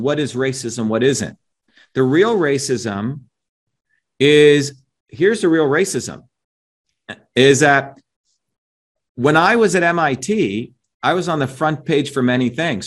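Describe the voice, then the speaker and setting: A forceful male guest makes his case in an interview. He talks at an average pitch, presses every point with emphasis and keeps checking for agreement as he goes. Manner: emphatic, combative, repeats "right?" for agreement. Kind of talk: opinionated interview talk.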